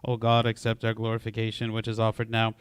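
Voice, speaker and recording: A man leading a liturgical prayer service, reading psalms and prayers in a steady recitation. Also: fairly low pitch, fast talker, clean tone, no room sound. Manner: steady recitation in a flat monotone. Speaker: prayer leader.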